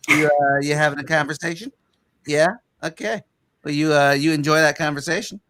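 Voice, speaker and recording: A man voicing a friendly, laid-back male lacewing bug in a mellow, chummy drawl. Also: on the high side, steady tone, brisk, noisy background, voice pushed up, close to an everyday voice.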